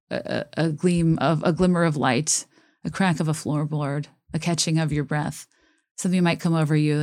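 A woman's voice: sits low, darkish tone, dry recording, studio quality. A young woman talking casually about songs, musing and hesitant with many fillers, reading lyrics aloud. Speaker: music vlogger reacting to songs.

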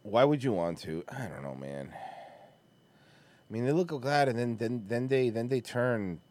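Brash profane man, lively pitch. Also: unhurried. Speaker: podcast host. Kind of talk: casual crude banter reacting to a video.

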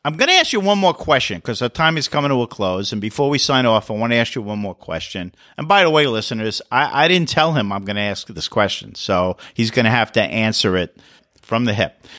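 A man's voice: medium pitch, animated, a little fast, bright, forceful tone, dry recording. A middle-aged man with a New York City accent hosts an interview in a chatty, easygoing way and often restarts his phrases. His voice is recorded close and dry. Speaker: podcast host. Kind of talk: casual interview talk.

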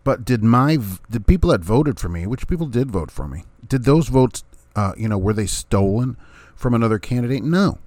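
A middle-aged man, a vlogger and former third-party candidate, gives a casual monologue of his opinions at normal speed, with lively intonation. He poses rhetorical questions, chuckles, and acts out what others say. His voice is medium-pitched with a darkish tone, recorded dry.

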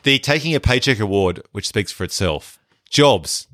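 A man's voice: on the low side, moderate pace, no room sound, studio quality. A man co-hosting a casual podcast chat about films and handing out mock awards. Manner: relaxed, conversational, hands out mock awards. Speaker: podcast co-host. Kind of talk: casual film-review chat.

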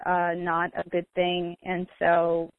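A woman's voice: on the low side, monotone, slow, no room sound. A woman hosting a radio talk show, chatty, with many fillers. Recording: dry, narrow phone-like radio sound.

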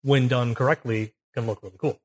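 Speaking briskly in a breathy, medium-pitched voice with fairly even intonation, this podcast co-host chats casually about film. He wanders, self-corrects and digs into the technical details of camera work, on a poorly recorded track with uneven levels.

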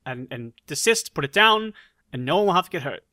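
A man's voice: on the high side, animated, brisk, sharp tone, no room sound. A man playing his character in a tabletop role-playing game, breezy and lightly sarcastic. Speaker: player voicing the Doctor. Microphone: remote recording.

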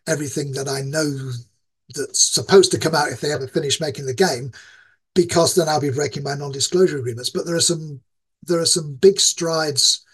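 A man in his sixties with an East Yorkshire accent, a guest game designer, talks at length in a casual interview, rambling with many fillers in what he calls ranting. His voice is on the high side and slightly rough.

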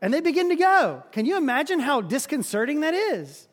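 A male pastor preaching a sermon, telling the story in an animated way and often repeating words. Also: extremely high pitch, a little fast. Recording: long hall reverb.

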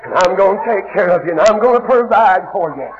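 Joseph, a preacher acting out a tearful young ruler. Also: male voice, sits high, expressive, fairly quick, muffled recording. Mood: commanding. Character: Joseph, grown man revealing himself to his brothers.

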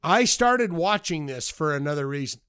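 Podcast co-host, male: high-pitched, quippy, dry close recording. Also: expressive, moderate pace, fairly bright tone, smooth, no echo. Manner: joking, interjecting short quips. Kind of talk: casual chat.

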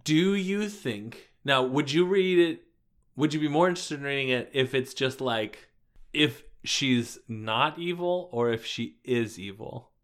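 A podcast co-host in a casual book chat, agreeing often and speaking in halting restarts. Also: mid-range voice. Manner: agreeable, frequent short affirmations, halting restarts.

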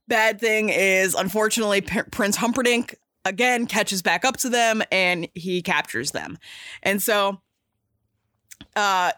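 Bright-voiced woman, animated and slangy. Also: mid-range voice, no room sound, studio quality. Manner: animated, slangy, laughs often, many fillers. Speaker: movie fan recapping a film. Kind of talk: casual storytelling chat.

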